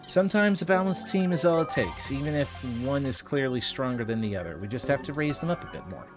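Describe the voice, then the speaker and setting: A man giving casual gameplay commentary as a streamer, animated and chatty. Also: medium pitch, quick pace, over music. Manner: animated, puts on goofy voices when reading dialogue.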